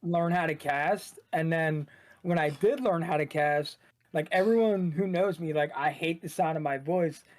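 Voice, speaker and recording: A man, an esports shoutcaster, chatting casually as a guest in a loose, rambling way full of "like". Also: a little high, normal speed. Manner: loose, rambling, heavy use of "like". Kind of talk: casual podcast chat.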